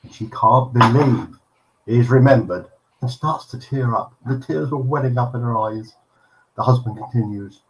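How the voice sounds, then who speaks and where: A man telling a long joke on a video call, deadpan with chuckles. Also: mid-range voice, moderate pace, poor audio. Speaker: regular telling the joke of the week. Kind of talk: casual chat and joke telling.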